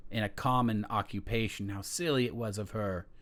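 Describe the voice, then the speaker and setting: A man's voice: fairly low pitch, fairly even intonation, brisk, fairly bright tone. A man playing a tabletop game, telling a folk story in character as a dramatic storyteller.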